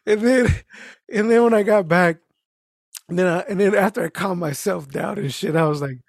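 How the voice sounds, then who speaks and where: A man's voice: high-pitched, normal speed, creaky, no room sound, studio quality. A man telling a work story in casual chat, cursing freely and acting out the people in it. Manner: animated, profane, acts out voices. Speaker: guest storyteller.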